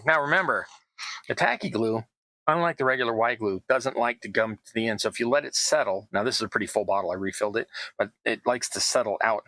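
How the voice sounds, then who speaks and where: Building tabletop terrain for his YouTube channel, a middle-aged man rambles and jokes at his own expense. The voice is medium-pitched, creaky and bright with a forceful edge, recorded roughly with no room sound.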